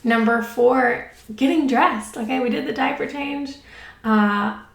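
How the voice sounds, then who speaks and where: A woman's voice: fairly high pitch, a little slow. Upbeat woman teaching, roomy and distant. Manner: upbeat, encouraging, laughs often. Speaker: speech therapist. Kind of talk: instructional talk to parents. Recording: roomy sound, mic at a distance.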